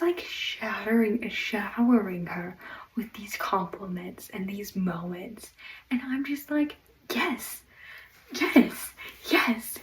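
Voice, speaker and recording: A woman delivering an excited, rambling fan rant, full of fillers, on a personal mic. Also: medium pitch, far from the mic, a little hiss or hum, low-quality recording. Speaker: fan vlogger.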